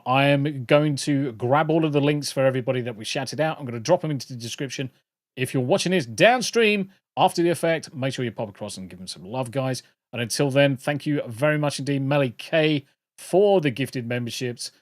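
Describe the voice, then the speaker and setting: A British man hosting a casual livestream, rambling and joking with viewers and swearing often. His voice sits at an ordinary male pitch, close and dry on the mic. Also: fairly quick, dry recording. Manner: rambling, jokey, swears a lot. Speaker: livestream host.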